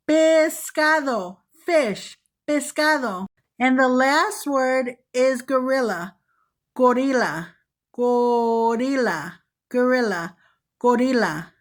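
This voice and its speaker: A young woman teaching Spanish words to children in a slow, repetitive drill, with upbeat, encouraging praise between words. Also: high-pitched. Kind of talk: slow, repeated vocabulary drill for kids.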